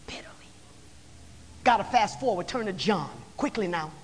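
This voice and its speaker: A preacher delivering a sermon, swinging between shouted lines and hushed passages with rhythmic repeated phrases. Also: mid-range voice, lively intonation, moderate pace. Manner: repetitive, rhythmic build-up of phrases. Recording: long hall reverb.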